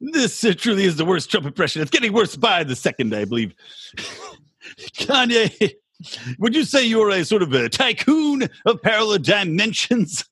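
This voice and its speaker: A man's voice: high-pitched, big pitch swings, normal speed, a bit bright, husky, no room sound, heavily acted. A man doing a brash, sing-song mock president. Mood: pompous. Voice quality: wildly swooping, sing-song put-on accent. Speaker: podcast host. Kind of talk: drunken comedy role-play.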